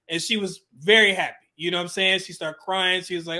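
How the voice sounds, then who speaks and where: High-voiced man telling a candid story. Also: steady tone, fast, hardly any pauses, pushed and bright. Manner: casual, with frequent "you know" fillers and swearing.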